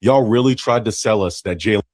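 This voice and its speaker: A man's voice: on the low side, a little fast, no room sound, clean studio sound. A man giving a blunt, taunting sports opinion rant with some profanity.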